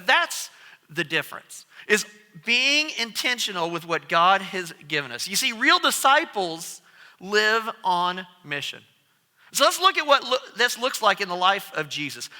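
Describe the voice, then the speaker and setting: A man preaches in a high, bright, sharp voice, telling his story with lively swings in pitch. His words ring out with a long reverb from a church sanctuary. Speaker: pastor. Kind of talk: sermon.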